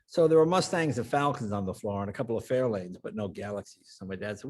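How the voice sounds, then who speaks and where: An older American man telling family stories in an animated way, breaking into loud shouted voices for the people in them. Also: lowish voice, fast talker, breathy edge. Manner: acts out family members in raised, shouting voices. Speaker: guest. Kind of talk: animated storytelling.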